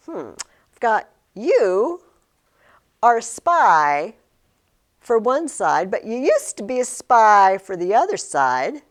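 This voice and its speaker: A woman's voice: fairly high pitch, big pitch swings, slow pace. A woman voicing a cool, scheming man who coolly bargains by laying out what he knows. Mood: smug.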